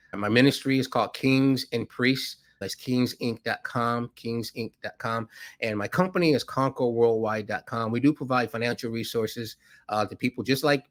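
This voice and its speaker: A man, a podcast guest who is a financier, telling a story with animated delivery and acting out voices in it. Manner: acts out dialogue with rising pitch, laughs often.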